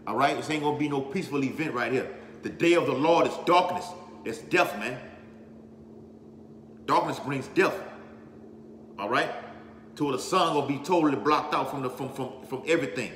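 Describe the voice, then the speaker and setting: A man's voice: medium pitch, normal speed, long pauses, a bit bright. A man preaching on scripture with force, repeating himself as he builds and checking in with "all right?" and "okay?". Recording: echoey hall with faint background noise.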